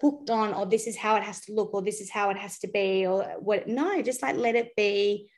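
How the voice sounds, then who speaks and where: A woman giving a casual spiritual reading, chatty and quick, passing on messages to the person in front of her. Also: mid-range voice, steady tone. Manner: chatty, warm-voiced, relays messages with "they're saying". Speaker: psychic reader.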